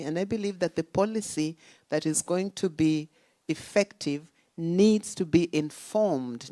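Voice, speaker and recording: A woman speaking at a symposium, giving a deliberate academic talk with emphatic points and rhetorical questions. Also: sits low, warm tone, no echo. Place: conference venue.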